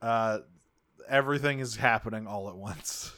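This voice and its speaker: Smooth-voiced man, casual podcast co-host. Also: fairly low pitch, normal speed, pushed and bright, dry recording, studio quality. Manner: loose, swears often, laughs while talking. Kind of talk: casual recap chat.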